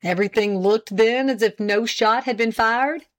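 A woman voicing a formal male prosecutor who questions a witness deliberately and pointedly. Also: a little high, close to an everyday voice. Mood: probing.

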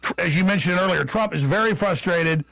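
A man hosting an interview show, emphatic and quick to interject. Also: high-pitched, creaky, a bit bright, no echo. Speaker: talk show host. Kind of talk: interview talk.

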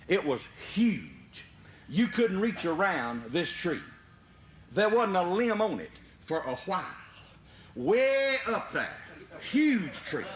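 A man telling a folksy tall tale in an animated, chuckling way. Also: a little high. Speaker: storyteller. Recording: roomy echo, faint background noise.

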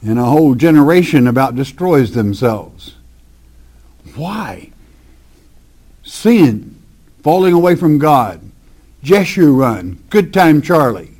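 A man's voice: fairly high pitch, very animated, slow pace, pauses often, darkish tone. A man preaching a verse-by-verse Bible teaching, reading scripture aloud and explaining it emphatically in plain words with asides.

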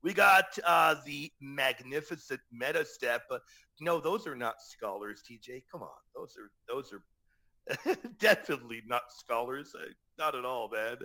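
A man hosting a live Catholic radio show, talking energetically and emphatically, with slangy shout-outs to listeners. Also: mid-range voice, lively intonation, measured pace.

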